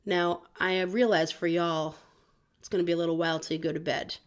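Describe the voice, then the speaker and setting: A woman's voice: on the low side, steady tone, brisk. A woman musician speaking casually and reflectively between songs, with frequent ums, from outdoors in the woods. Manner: soft, reflective, with many ums.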